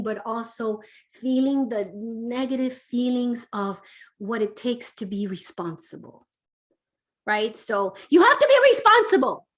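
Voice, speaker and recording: Woman parenting coach, expressive, slips into quotes, conversational teaching. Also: on the high side. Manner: animated, acts out quotes, keeps asking "right?". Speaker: parenting educator.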